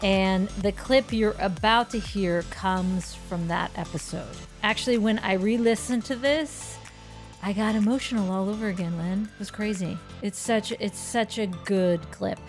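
A woman co-hosting a podcast in easy, joking chat, laughing often and teasing her partner. Her pitch sits in the middle, and faint music plays under her voice. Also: unhurried. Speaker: podcast co-host. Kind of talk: casual chat.

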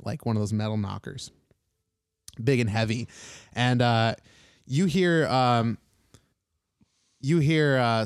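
A young man runs a tabletop game, narrating scenes with frequent ums and restarts. His voice sits at an ordinary middle pitch. The sound is dry and close. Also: no echo. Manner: hesitant, many ums and uhs. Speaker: game master.

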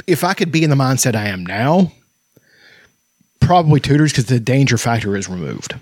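A man's voice: mid-range voice, very animated, fairly quick, no room sound, clean studio sound. A man in casual chat who swears freely, tells rambling stories and laughs often.

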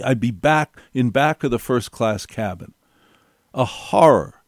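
A man's voice: mid-range voice, darkish tone, no echo, clean studio sound. A middle-aged man telling a personal anecdote in a wry, digressive way, circling back and repeating key phrases for effect. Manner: wry, digressive, building stories with repetition. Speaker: storyteller.

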